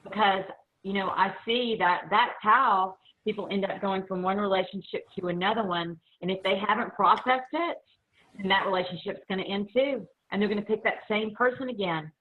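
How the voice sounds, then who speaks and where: A chatty woman host speaks at an everyday middle pitch. She rambles and pokes fun at herself in a relaxed video-call conversation. Her sound is dull and lo-fi, like a webcam mic. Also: moderate pace. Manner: chatty, rambling, self-mocking. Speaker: family law attorney and show host. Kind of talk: casual video-call chat.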